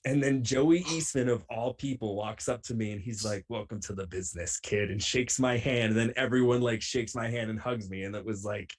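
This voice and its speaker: A man, a professional wrestler who is a guest on a show, tells a road story in an animated way and acts out the other people's lines. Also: lowish voice, a little fast, few pauses.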